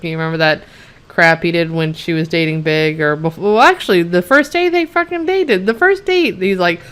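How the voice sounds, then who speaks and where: A woman with a lowish, smooth, clear voice reviews a TV show in a casual rant recapping an episode. She's blunt and sarcastic, drops swear words freely, and fills her talk with "you know" and "like." Her pace is moderate and her tone fairly bright.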